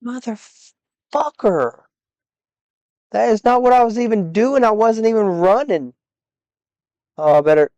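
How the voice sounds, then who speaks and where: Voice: mid-range voice, moderate pace, long pauses, mellow, clean tone, dry recording, lo-fi sound. A gaming streamer giving casual commentary while playing, frustrated, swearing and muttering at the game.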